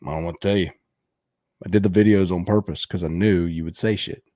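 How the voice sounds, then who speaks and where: A man's voice: deep voice, steady tone, a little fast, warm tone, no room sound, studio quality. A man hosting a casual livestream, reacting to viewer videos in a brash, coaching way, swearing casually and laughing often.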